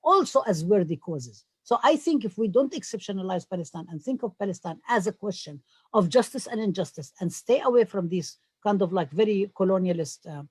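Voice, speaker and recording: A scholar speaking on a panel, halting and full of fillers at times, then emphatic. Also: medium pitch, lively intonation, darkish tone, husky, dry recording. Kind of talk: panel discussion.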